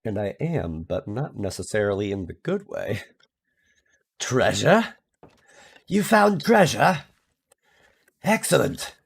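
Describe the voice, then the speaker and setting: A man chatting casually while he streams a game, rambling and poking fun at himself. His talk is slow and unhurried, with a gravelly rasp. His pitch swings widely as he drops into silly voices. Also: big pitch swings. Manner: rambling, self-mocking, with playful voice bits.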